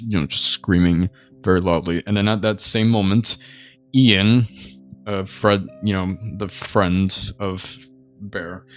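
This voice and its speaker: A man giving a casual, rambling movie review, full of fillers like "you know" and "like," getting excitable when he retells the scary parts. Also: on the low side. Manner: excitable, voice jumps up when recounting scary scenes.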